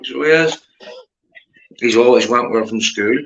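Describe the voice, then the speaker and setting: A man's voice: moderate pace, creaky, roomy sound, muffled recording. A man from Northern Ireland with a Belfast accent, hosting a casual livestream chat and calling everyone mate. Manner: chatty, keeps saying mate, animated rises in pitch. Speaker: livestream host.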